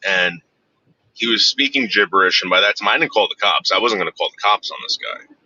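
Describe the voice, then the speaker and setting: A man's voice: low-pitched, fairly quick, pushed and bright, husky, dry recording. A man telling casual, profane stories in a rambling way that keeps doubling back on itself. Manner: profane, rambling, self-interrupting. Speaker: storyteller. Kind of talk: casual anecdote. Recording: dull lo-fi dry recording.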